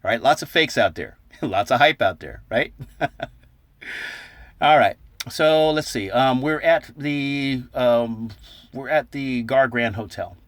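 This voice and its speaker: A man hosting a casual vlog on silver stacking spins a jokey made-up story, laughing as he acts out the dialogue. His mid-range voice is expressive and fairly bright, he takes his time, and there's no room sound.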